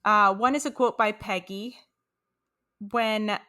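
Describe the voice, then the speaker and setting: Bright-voiced young woman co-hosting a podcast. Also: mid-range voice, steady tone, slow pace. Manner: chatty, reads out quotes from her notes. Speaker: podcast co-host. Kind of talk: casual chat recapping a cartoon episode.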